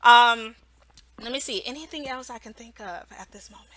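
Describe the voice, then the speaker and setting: A woman's voice: fairly high pitch, normal speed, bright, forceful tone, a little hiss or hum. A woman who teaches English online, giving casual how-to tips in a chatty way, often checking in with "right?" and laughing.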